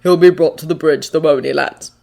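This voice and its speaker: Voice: medium pitch, steady tone, fast talker, gravelly, darkish tone, close to an everyday voice. A reader doing a hard-nosed male commander barking short orders. His orders are terse and firm. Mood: commanding. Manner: commanding, clipped.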